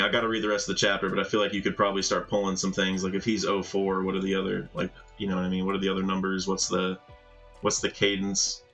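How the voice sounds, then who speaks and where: A man's voice: on the low side, fairly bright tone. A man on a live stream reading manga dialogue aloud in a plain voice and breaking in with casual, chatty reactions.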